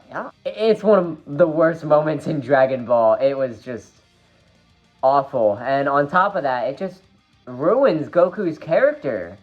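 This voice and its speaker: A woman giving an animated fan review of a film, emphatic and exasperated, with her voice leaping up when she gets upset. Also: low-pitched, dull audio.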